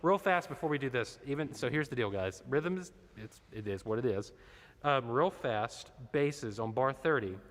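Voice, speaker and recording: A man's voice: medium pitch, lively intonation, normal speed. A man directing a choir rehearsal, explaining parts and singing short demonstrations between instructions. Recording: reverberant room with instrument behind.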